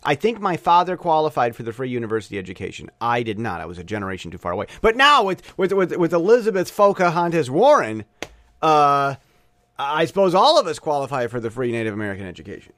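A man's voice: on the high side, big pitch swings, fast talker, fairly bright tone, no room sound. A man with a Michigan accent, a podcast host giving an opinionated, rambling monologue with many restarts. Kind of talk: casual monologue.

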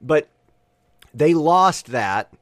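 A man's voice: on the high side, animated, extremely slow, no echo. Man, solo podcaster, casual rambling monologue, stammering restarts, dry close recording.

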